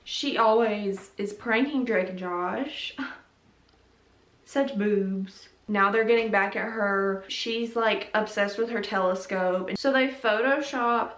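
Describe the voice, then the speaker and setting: A woman's voice: mid-range voice, a little slow, few pauses, fairly bright tone. A young woman hosting a casual video, chatting and giggling about TV episodes with lots of "like". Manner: chatty and giggly, heavy use of "like". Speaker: YouTube host. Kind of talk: casual chat reviewing TV episodes. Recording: roomy echo, mic at a distance.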